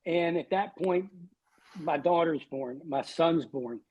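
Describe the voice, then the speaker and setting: A man's voice: fairly high pitch, slow, a little mellow, slightly rough, dull audio. A man in his sixties, a guest on a podcast, telling wry, self-deprecating stories. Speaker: guest, TV weatherman. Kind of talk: storytelling in a podcast interview.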